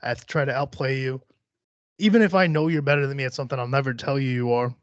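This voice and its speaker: A man's voice: mid-range voice, fairly even intonation, fast talker, no echo, highs cut off. A man hosting a podcast in casual chat, brash and profane, bragging about being competitive. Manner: profane, boastful, hyper-competitive. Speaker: podcast host.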